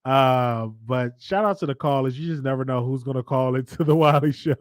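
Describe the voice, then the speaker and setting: A man's voice: mid-range voice, brisk, dry recording, studio quality. A man with a Southern US accent hosting a live call-in talk show, chatty and repetitive, laughing often. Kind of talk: casual live call-in commentary.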